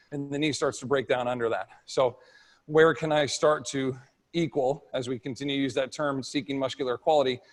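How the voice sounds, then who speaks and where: Casual man presenting in a reverberant hall. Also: mid-range voice. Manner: casual, conversational. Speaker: presenter at a fitness summit. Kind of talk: live workshop talk and Q&A. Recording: long reverb in a large room.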